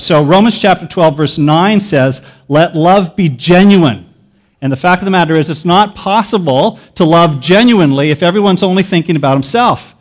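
A man preaching a sermon to a church, casual and joking in a teacherly way. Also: sits high. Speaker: pastor. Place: church sanctuary.

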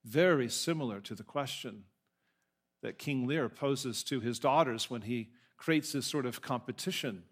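A man's voice: mid-range voice, measured pace. A male pastor preaching a sermon, reading scripture and telling stories in a conversational way, with asides and self-corrections.

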